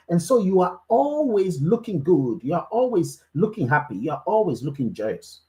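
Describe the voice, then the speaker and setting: A woman's voice: fairly low pitch, sing-song, moderate pace, few pauses, warm tone. A woman, leading a network marketing group call with a preachy motivational speech that repeats key phrases for emphasis. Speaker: network marketing team leader.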